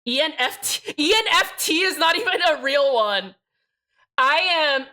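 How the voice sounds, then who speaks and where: A woman's voice: fairly high pitch, sharp tone. A young woman streaming live, chatting loosely with her viewers and swearing freely while she builds a keyboard. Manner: chatty, rambling, swears freely, addresses chat directly. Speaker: livestreamer.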